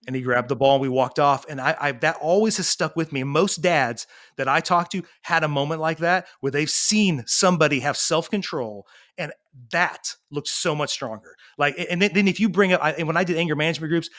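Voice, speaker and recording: Animated storytelling man, slightly high voice. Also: fairly quick. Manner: animated, acts out dialogue in his stories. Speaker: parenting coach and guest. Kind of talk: conversational storytelling.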